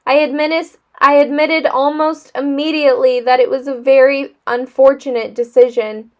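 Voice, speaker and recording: A woman's voice: high voice, fairly even intonation, normal speed, lo-fi sound, close to an everyday voice. A woman reading as a wordy, self-pitying boy. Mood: formal, aggrieved. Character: dramatic, wordy boy with dark glasses.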